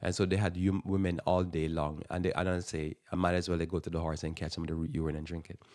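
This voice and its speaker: Man, deep voice, dry close studio sound, rambling radio host, repeats and restarts words. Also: level tone, fast talker, darkish tone, no echo. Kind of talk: unscripted Christian radio talk. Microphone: radio studio mic.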